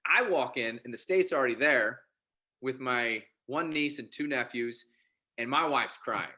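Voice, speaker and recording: A man's voice: medium pitch, a little slow, bright, forceful tone. A man as a podcast guest, telling his life story casually and with animation, often restarting and repeating words. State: married father.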